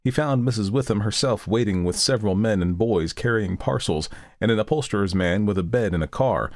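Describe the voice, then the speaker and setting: A man narrating a storybook in a steady, measured reading. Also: on the low side, dry recording, clean studio sound. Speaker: audiobook narrator. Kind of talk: scripted narration.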